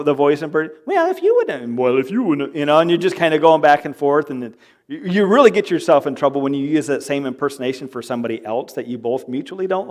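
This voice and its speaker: Male pastor, higher-than-average voice, lively and playful church sermon with acted-out quotes. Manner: animated, jokey, acts out quoted arguments. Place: church sanctuary.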